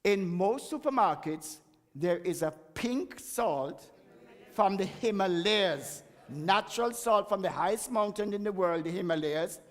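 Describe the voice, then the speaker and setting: A man's voice: sits high, animated, a little slow. A man giving a chatty, emphatic health talk at a church and laughing at himself now and then. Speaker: guest speaker on health. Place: church hall. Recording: echoey church hall.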